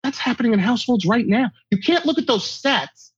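With a very high, husky voice, lively intonation and a slightly fast pace, a middle-aged guest speaker dispenses tough-love advice in an interview. He's blunt and emphatic, acting out the quoted exchanges as he chats. The recording is dull, lo-fi and dry, with no room sound.

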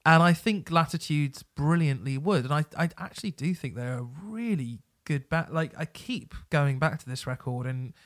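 A man's voice: a little high, expressive, normal speed, few pauses, dry recording, clean studio sound. A man co-hosting a music podcast in casual chat, enthusiastic and rambling with restarts.

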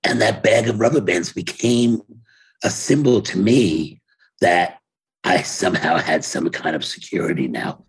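An older man speaking casually in an interview over a video call from his home office, telling wry stories and laughing often, with a very husky voice. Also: low-pitched, a little slow, rough recording. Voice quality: very husky, gravelly voice. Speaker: interview guest, playwright.

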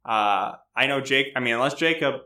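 This man co-hosts a casual podcast and talks in a rambling, self-mocking, jokey way. His voice is bright and forceful, sitting at an ordinary middle pitch. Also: normal speed. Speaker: podcast co-host.

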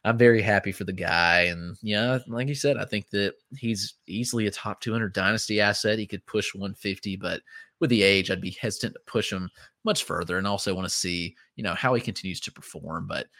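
Bright, dry-sounding male podcast co-host. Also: fairly low pitch, dry recording. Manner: measured, agreeable, uses "you know" often. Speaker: fantasy baseball podcast co-host. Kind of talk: casual podcast chat.

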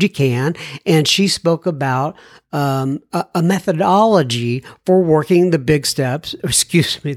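A man's voice: a little high, no room sound, studio quality. A man with a Texan accent hosting a podcast, chatting casually as he reads listener mail, folksy and full of fillers. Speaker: podcast host.

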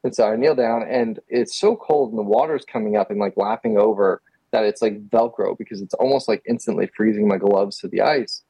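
Man, from Texas, casual storytelling, husky mellow voice, dry close sound. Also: on the low side, brisk, no room sound, rough recording. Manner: animated, laughing, many fillers. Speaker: guest photographer.

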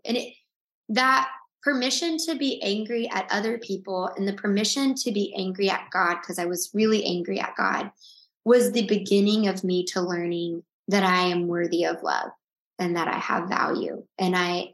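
A woman's voice: fairly low pitch, moderate pace, echoey room. A woman, the guest in an interview, telling a personal story with earnest feeling and frequent restarts.

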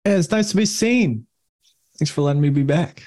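A man with a mellow, warm voice speaks as a panel guest in a casual discussion. He tells his points as an animated story. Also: a little high, moderate pace. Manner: storytelling, animated retelling of a movie scene.

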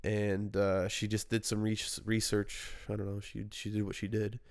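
A man's voice: on the low side, monotone, moderate pace, vocal fry. A man hosting a casual podcast chat with a stuffed-up nose, talking in a rambling, self-deprecating way. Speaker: podcast host.

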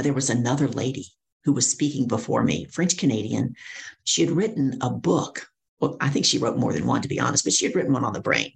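In a storytelling interview, a middle-aged guest speaker and coach talks with a deep bass voice edged with gravel. She's an animated storyteller, bringing vivid energy and performing the voices of those she quotes.

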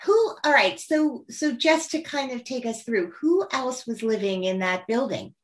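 A woman's voice: on the high side, lively intonation, measured pace. A woman hosting an interview, asking eager questions and reacting with enthusiasm. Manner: enthusiastic, warm questioning with laughs. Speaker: interviewer host. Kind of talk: conversational interview.

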